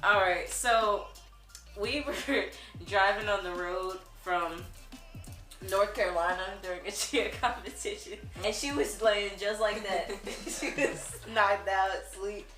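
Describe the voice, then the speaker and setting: Bright teen girl a bit off-mic. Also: medium pitch. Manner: bossy, quick, laughing interjections. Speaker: vlogger. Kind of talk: casual chat. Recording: roomy sound from a distance with faint music.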